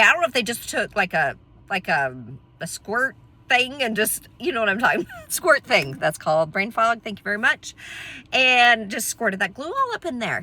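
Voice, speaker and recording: A middle-aged woman tells a story with a lot of expression, her voice swinging up and down as she acts out the people in it. Her voice is bright and a little husky, and she laughs often along the way. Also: a little high. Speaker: vlogger telling a story. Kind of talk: animated storytelling.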